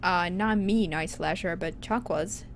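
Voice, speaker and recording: A woman's voice: on the low side, a little slow, a little hiss or hum. A woman streaming a video game, chatting casually with a giggly, self-mocking manner. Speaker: gaming streamer. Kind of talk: casual let's-play commentary.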